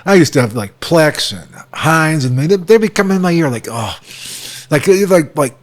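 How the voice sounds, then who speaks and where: A man in his sixties, a guest at a bar, chatting casually and telling animated stories. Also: a little high, normal speed. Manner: animated storyteller, acts out quotes. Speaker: guest, former head coach.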